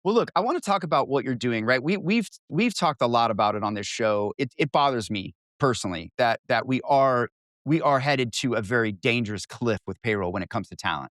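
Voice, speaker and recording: A man's voice: mid-range voice, animated, a little fast, fairly bright tone, no echo, clean studio sound. A man hosting a podcast, chatting enthusiastically and repeating himself often. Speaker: podcast host. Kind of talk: casual interview chat.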